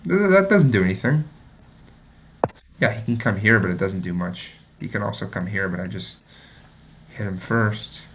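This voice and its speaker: A man streaming himself playing chess, thinking aloud and muttering to himself, sometimes mocking his own mistakes and getting excited. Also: on the low side, moderate pace, long pauses, slight background noise. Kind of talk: thinking aloud while playing and reviewing a game.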